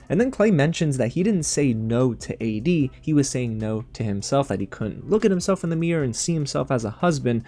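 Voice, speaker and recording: A man hosting a casual recap and review, animated and sassy, talking straight to his viewers. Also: medium pitch, fairly quick, hardly any pauses. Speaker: TV show recap host.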